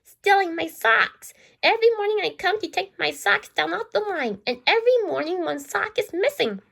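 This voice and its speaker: A woman's voice: extremely high pitch, expressive, moderate pace, vocal fry, a bit bright, voice pushed up, heavily acted. A woman voicing a gloomy, fretful male Fraggle who grumbles and stumbles over his words, in a storybook reading. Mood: upset.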